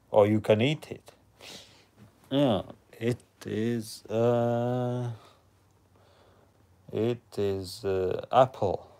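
Slow-talking, laid-back male streamer. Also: lowish voice, gravelly. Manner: relaxed, chatty, reading out viewer comments. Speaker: live stream host. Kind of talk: casual live chat with viewers.

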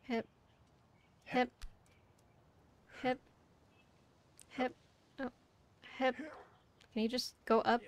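A woman's voice: fairly high pitch, flat delivery, slow, long pauses, fairly bright tone, smooth. A young woman streaming a climbing game, chatting casually and rambling to her viewers, swearing when she gets frustrated. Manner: talks to chat while playing. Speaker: VTuber streamer. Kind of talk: casual gameplay livestream chat.

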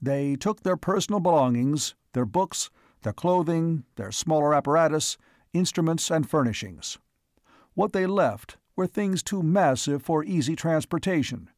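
A man's voice: fairly high pitch, expressive, a little slow, a little mellow, dry recording, studio quality. A man reading as a concise scientist. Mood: formal. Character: male scientist, concise and methodical.

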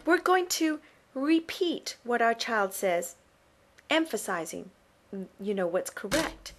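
Woman presenter, slightly high voice, bright and encouraging, explains to parents step by step. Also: very animated, slow pace, background noise. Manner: upbeat, coaching tone with frequent check-in questions. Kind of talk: instructional talk to camera.

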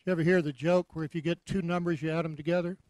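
Folksy Texan preacher, higher voice. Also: male voice, little pitch movement, racing, a little mellow, dry recording. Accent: Texas. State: hot and sweating. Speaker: visiting minister. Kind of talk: sermon and offering appeal.

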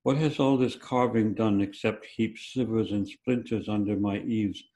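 A man's voice: on the low side, fairly even intonation, moderate pace, mellow, lightly acted. Older village mother, scolding and impatient, read by a man, storybook tale. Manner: scolding, then fawning.

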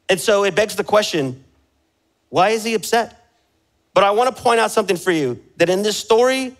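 A male pastor preaching a passionate sermon in a voice pitched a little higher than most men's. He swings between rising emphasis and quieter stretches, and he keeps turning to the congregation with direct questions. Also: poor audio. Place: church sanctuary.

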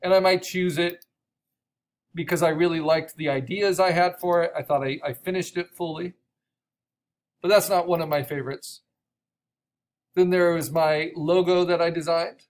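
Man lecturing, raspy from a cough. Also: a little high, steady tone, normal speed, long pauses. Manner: explanatory, with frequent restarts and "right?" checks. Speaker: art instructor. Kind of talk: recorded online course lecture.

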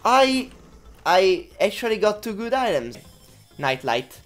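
A young woman commentating her own video game run, laughing often, swearing and reacting loudly. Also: deep voice, expressive, a little slow, soft background music. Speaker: gameplay commentator. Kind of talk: let's play commentary.

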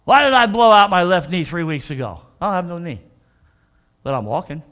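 A male pastor preaching a sermon in a church, emphatic and calling for responses from the congregation, slowing right down to stress scripture. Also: high voice, expressive, a bit bright.

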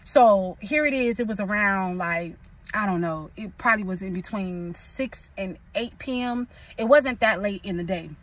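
A woman's voice: mid-range voice, moderate pace, distant mic. A young woman from California, a prophetess, preaching casually and rambling, repeating phrases for emphasis.

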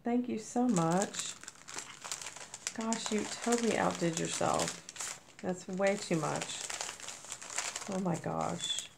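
A woman vlogger, a little under the weather, gushing as she opens mail, with a squeaky voice. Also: takes it slowly, creaky, long pauses, background noise. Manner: gushing, effusive. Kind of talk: casual unboxing chat.

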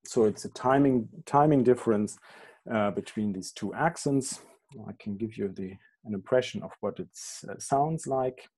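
A man giving an academic lecture over slides on an online call, halting often with ums and correcting himself mid-phrase. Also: on the low side, darkish tone, breathy edge. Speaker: guest lecturer.

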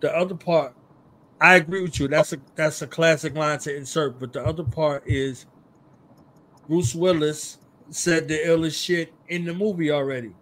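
A man appearing as a guest on a radio show, telling stories about films in animated casual chat over a remote call. He laughs often and keeps checking that the listener follows. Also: fairly high pitch, moderate pace. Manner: animated storyteller, laughs often, asks "you understand what I'm saying?". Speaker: guest, rapper.

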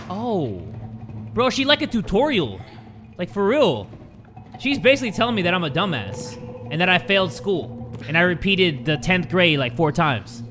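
A young man giving jokey, excitable commentary while playing a game, jumping between loud yelps and low mutters. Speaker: gaming YouTuber. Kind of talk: let's play commentary.

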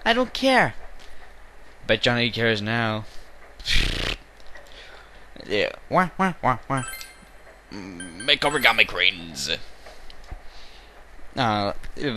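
A man's voice: lowish voice, sharp tone, a little hiss or hum. Rambling jokey young man playing a game. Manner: rambling, jokey, breaks into silly voices and snatches of song. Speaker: let's play commentator. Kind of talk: casual game commentary. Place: bedroom at home.

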